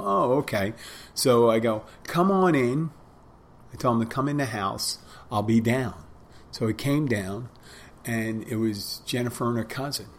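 A man's voice: lowish voice, slight background noise. Rambling man telling a personal story. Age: 20s. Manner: rambling, self-interrupting storytelling with quoted dialogue.

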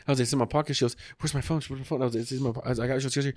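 A man's voice: mid-range voice, flat delivery, very fast, a little hiss or hum. Rambling man telling a story. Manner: rambling, acts out quotes, swears freely. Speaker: podcast host. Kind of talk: casual storytelling chat.

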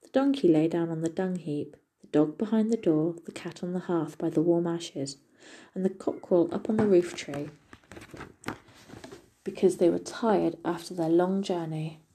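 A woman reads a fairy tale aloud in a steady, gentle manner. Her voice is low and husky. Its tone is deeply dark and mellow. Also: normal speed. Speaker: storyteller. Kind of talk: storybook narration.

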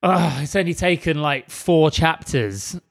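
A man co-hosting a casual book club podcast, chatty and quick to laugh. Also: on the high side. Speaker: podcast co-host.

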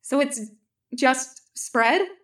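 A woman's voice: sits high, animated, very slow, a bit bright, pitched above the performer's own voice, heavily acted. A woman reading the lines of a tired, wry male linguist who keeps up dry, joking banter.

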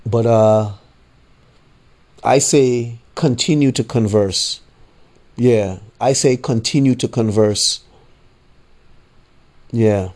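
A man's voice: medium pitch, slow, pauses often, darkish tone. Guy ranting on his podcast, cussing a lot, keeps saying you know what i mean, laughs at his own points. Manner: profane, repetitive, frequent "you know what I'm saying". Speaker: podcast host. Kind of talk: casual political rant.

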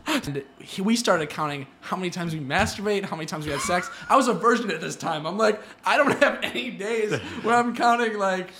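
A young man, a podcast guest, telling stories in a loose, rambling way full of "like", and dropping into a low mumble for asides. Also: expressive, a little fast, hardly any pauses, sharp tone, faint music behind. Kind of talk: casual chat.

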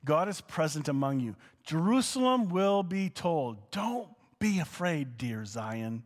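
A man preaching a conversational teaching sermon, animated, dropping to soft asides and rising to excited exclamations. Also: on the high side, measured pace, in a large hall. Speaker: pastor.

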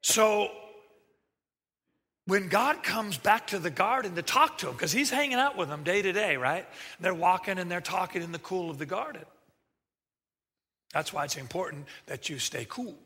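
Pastor, male, bright high voice, animated sermon delivery, big echoing hall. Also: normal speed, husky. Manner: animated, acts out quoted voices, jokey asides. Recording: reverberant hall sound.

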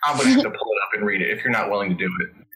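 A man's voice: fairly low pitch, huge pitch swings, rapid-fire, pushed and bright. Insistent man on a noisy, hot mic. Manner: insistent, sarcastic, repeats his point. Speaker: castaway. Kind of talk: heated group video call argument.

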